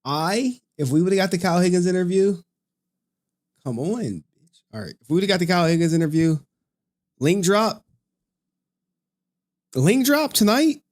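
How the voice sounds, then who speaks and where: A man's voice: high-pitched, lively intonation, normal speed, pauses often, darkish tone. A young man hosting a casual late-night stream, tired from no sleep, rambling, swearing and laughing often. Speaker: streamer host.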